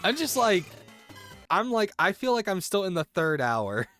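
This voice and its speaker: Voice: mid-range voice, sing-song, normal speed, fairly bright tone, soft background music. A streamer chatting casually on a group stream, joking around and swearing freely.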